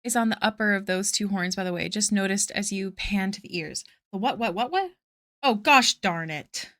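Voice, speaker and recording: A woman's voice: mid-range voice, lively intonation, normal speed, a bit bright, no echo, studio quality. A young woman chatting casually on a live art stream, bubbly and self-deprecating, gushing over fan art. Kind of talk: casual live-stream chat while drawing.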